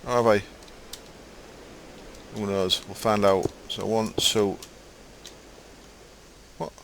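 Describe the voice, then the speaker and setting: Mumbling streamer with a mild Hull accent. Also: male voice, lowish voice, fairly even intonation, slow, creaky, a bit bright, slight background noise. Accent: mild Hull (East Yorkshire). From Hull, East Yorkshire, England. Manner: rambling, mumbles to himself while playing, swears casually. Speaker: gaming streamer. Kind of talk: casual gameplay commentary chatting with live chat.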